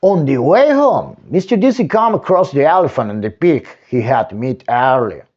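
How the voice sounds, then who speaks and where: Guy reading a kids bedtime story, slow n lively, muffled lo-fi mic. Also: medium pitch. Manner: slow, expressive, dramatic pauses. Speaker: storytime reader. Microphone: desktop microphone.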